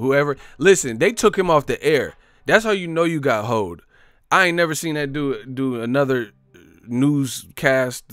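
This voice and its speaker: A man's voice: mid-range voice, fairly bright tone, clean tone, no echo. A man hosting a live boxing stream, chatting casually in slang, swearing and laughing often. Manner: slangy, swearing, laughs a lot, does voices. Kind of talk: casual livestream chat.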